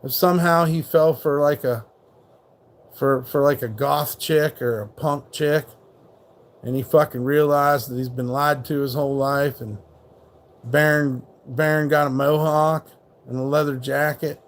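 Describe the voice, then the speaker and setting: Slow-talking, profanity-heavy male streamer. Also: fairly high pitch, fairly even intonation. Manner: profane, rambling, mocking. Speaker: livestream host. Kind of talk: casual live-stream rant, reacting to chat.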